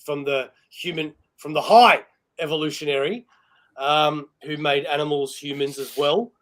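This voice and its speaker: An Australian man with a strikingly high voice co-hosts a casual live chat show at a moderate pace. He bursts into excitable, rambling talk and often laughs at himself.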